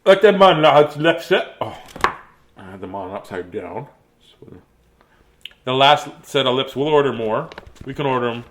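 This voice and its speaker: A man reads children's picture books aloud in a playful, silly manner, laughing and chatting between pages. His medium-pitched voice is animated, at a moderate pace with frequent pauses.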